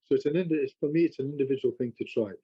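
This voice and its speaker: A husky-voiced man, middle-pitched, spins an anecdote as a podcast guest. He talks in animated bursts and trips over his own restarts. The audio is dull and lo-fi. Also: very fast. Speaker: hypnotherapist guest. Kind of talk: storytelling in a podcast conversation.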